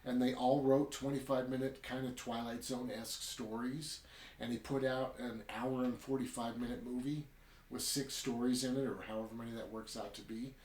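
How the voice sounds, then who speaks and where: A man's voice: medium pitch, darkish tone. A man hosting a podcast, casually retelling a short story and then reviewing it in a rambling way, often tacking on "right?". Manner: chatty, rambling, keeps adding "right?". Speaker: podcast host. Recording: roomy echo.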